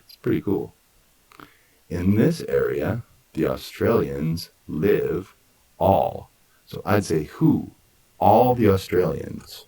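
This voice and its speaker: A man with an extremely low, gravelly voice teaches English grammar very slowly. He breaks each sentence into pieces and repeats words one by one. His tone is husky and unhurried. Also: lively intonation, mellow, low-quality recording. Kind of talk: slow, deliberate grammar lesson.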